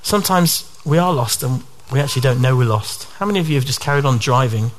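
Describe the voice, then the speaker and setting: A man's voice: medium pitch, animated, fast. A male preacher giving a sermon to his church in an earnest way, often posing rhetorical questions.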